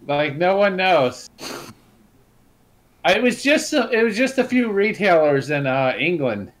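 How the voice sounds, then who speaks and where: A high-pitched man co-hosting a casual podcast. He rants bluntly and swears heavily. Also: big pitch swings, slow pace. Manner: blunt, heavy swearing, ranting. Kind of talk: casual chat.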